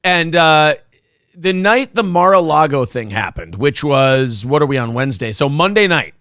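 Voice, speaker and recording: A man's voice: a little high, very animated, moderate pace, fairly bright tone, no room sound, studio quality. A man hosting a morning talk show, chatting casually in a blunt, profane way. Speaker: host. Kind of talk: casual chat.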